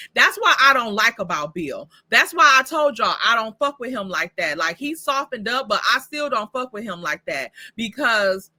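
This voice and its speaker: A woman with a bright, lively voice that jumps around in pitch, recapping a TV episode in a casual, profane way. She talks straight back at the characters as if they could hear her. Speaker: host of a TV recap channel. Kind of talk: casual reaction review.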